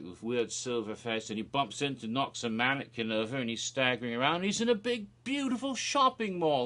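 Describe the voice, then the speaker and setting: A man casually retelling a spooky promo video for his vlog in an animated, rambling way, with fillers and restarts. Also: mid-range voice. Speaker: theme park vlogger.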